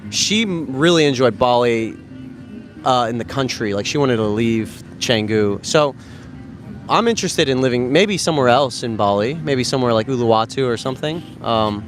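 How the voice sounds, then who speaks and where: A man's voice: mid-range voice, lively intonation, normal speed, faint music behind. An American man in his thirties chatting casually and rambling, with a lot of profanity and slang, outdoors by a street. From United States. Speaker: dating coach vlogger. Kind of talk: casual chat.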